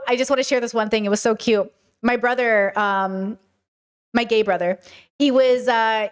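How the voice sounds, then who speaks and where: A woman's voice: fairly high pitch, clean tone. A woman in her thirties hosting a casual commentary video, talking straight to her viewers in a chatty, emphatic way. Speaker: video essay host.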